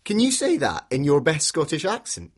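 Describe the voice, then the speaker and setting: A man narrating an interactive story for children, playful and animated, inviting listeners to join in with actions and sounds. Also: on the high side, normal speed, husky.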